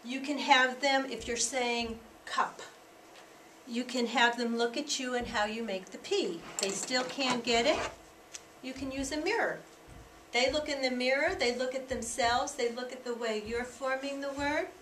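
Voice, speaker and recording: An American woman training tutors in a workshop, talking in an animated, emphatic way and demonstrating sounds aloud. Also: high-pitched, measured pace, slight background noise. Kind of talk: teaching workshop presentation. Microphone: distant room mic. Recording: echoey room from a distance, faint ambience.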